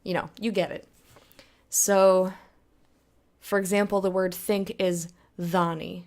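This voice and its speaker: A woman's voice: medium pitch, level tone, slow pace, darkish tone. A woman giving a casual, rambling spoken lesson on pronunciation, chatty and full of fillers. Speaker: language tutor.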